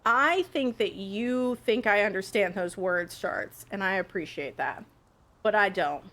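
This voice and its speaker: A woman streaming a game, chatting casually, excitable and prone to swearing. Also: mid-range voice, a little slow. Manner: excitable, laughing, swears freely. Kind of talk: casual live game commentary.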